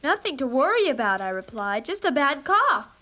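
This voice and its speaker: A woman voicing a spirited teenage girl in an animated series, stuffy and sneezing with a cold, lively and frank. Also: high-pitched, normal speed, heavily acted. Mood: chatty.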